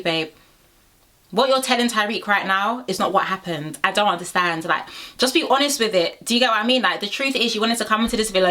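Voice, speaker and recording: Young woman chatting frankly to her viewers about a reality show, bright forceful voice. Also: medium pitch. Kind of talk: casual reaction chat.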